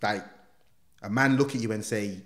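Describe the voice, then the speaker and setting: A man's voice: fairly low pitch, normal speed. Young man telling his story. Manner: animated storytelling with slang, acting out quotes. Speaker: guest, former gang member turned motivational speaker. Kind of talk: casual interview storytelling.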